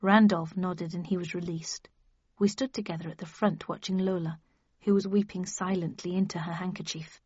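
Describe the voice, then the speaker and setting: A woman's voice: fairly low pitch, breathy edge, no room sound. Woman narrating an audiobook, dry dull sound. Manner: measured, expressive storytelling. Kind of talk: first-person audiobook narration. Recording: dull dry studio recording.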